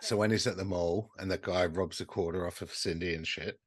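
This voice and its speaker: A man's voice: a little fast, no echo. A man co-hosting a podcast, casually retelling movie scenes with swearing and acting out quotes. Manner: animated, swearing, acts out quotes in high voices. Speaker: podcast co-host.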